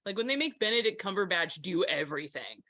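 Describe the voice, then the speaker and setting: Bright, enthusiastic woman podcast host. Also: fairly low pitch, expressive, quick pace, dry recording, studio quality. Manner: chatty, laughs often, enthusiastic. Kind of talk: casual interview chat.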